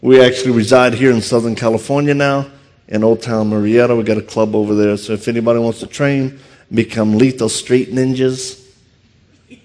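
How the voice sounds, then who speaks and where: A man from Louisiana with a Louisiana accent, telling funny self-deprecating stories quickly and with energy to an audience from a stage. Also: lowish voice. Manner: fast, animated, self-deprecating. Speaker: martial arts instructor and speaker. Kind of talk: humorous storytelling talk.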